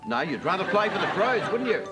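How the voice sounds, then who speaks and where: A man's voice: high-pitched, very animated, a little fast, loud music behind the voice. An Australian man hosting a live TV variety show, teasing and quizzing contestants with bubbly energy. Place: TV studio. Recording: live TV studio with audience and band.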